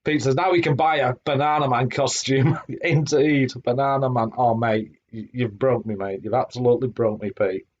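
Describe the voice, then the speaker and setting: A man's voice: mid-range voice, steady tone, normal speed, few pauses, lo-fi sound. A middle-aged man hosting a live stream, chatting effusively with lots of fillers and restarts on a home streaming mic. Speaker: streamer host. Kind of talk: casual live-stream chat. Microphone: home streaming microphone.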